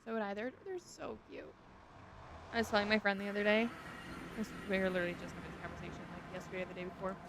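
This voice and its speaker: Chatty woman streamer with gravelly voice. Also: medium pitch, very fast, noisy background. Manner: chatty, talks to chat, gushes over cute animals. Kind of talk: casual game stream chat.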